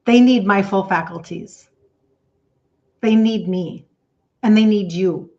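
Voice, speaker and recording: On her emotional livestream, the middle-aged health coach talks slowly with emphasis, repeats herself often, and welcomes viewers by name. Her medium-pitched voice has a darkish tone, and the sound is lo-fi.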